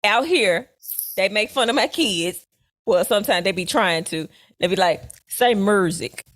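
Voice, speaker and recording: A woman's voice: medium pitch, moderate pace. A middle-aged woman from Memphis, telling stories and laughing in casual podcast banter. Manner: animated storytelling, laughs often. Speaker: podcast co-host.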